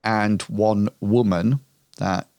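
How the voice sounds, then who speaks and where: A game master leads a tabletop session at an unhurried crawl, filling the gaps with ums. His low voice is smooth and clear, and it is recorded dry and close. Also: steady tone, darkish tone, no room sound. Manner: hesitant, full of ums, descriptive.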